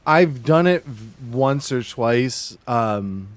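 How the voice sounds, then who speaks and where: A streamer from Massachusetts chats casually with viewers and friends, often stopping and restarting mid-sentence. His voice sits at an ordinary man's pitch. The close desk mic gives a dry, dead sound with no room echo. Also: smooth. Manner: chatty, halting, full of restarts. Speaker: livestreamer.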